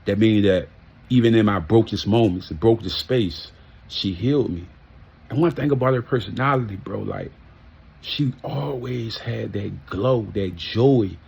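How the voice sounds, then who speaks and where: A man's voice: lowish voice, a little slow, gravelly, a little mellow, breathy edge. A man telling a casual, heartfelt story, emphatic and full of street slang and profanity. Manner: heartfelt and reminiscing. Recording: muffled lo-fi audio.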